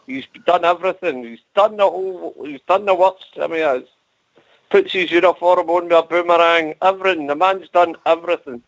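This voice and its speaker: A man's voice: a little high, fairly quick, no room sound, poor audio. A Scottish man on a fan radio show talking earnestly about football, repeating himself for emphasis. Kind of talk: casual football chat.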